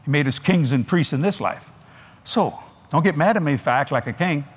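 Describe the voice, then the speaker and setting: An older man preaching a sermon at a large convention, animated and folksy, laughing between points. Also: on the high side, brisk, husky.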